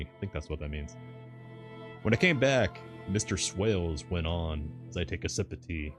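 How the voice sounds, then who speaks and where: A man with a very deep voice reads a classic novel aloud for a stream. He breaks off now and then with irreverent asides about the text. Faint music runs quietly behind him. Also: animated, normal speed. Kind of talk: live book reading with asides.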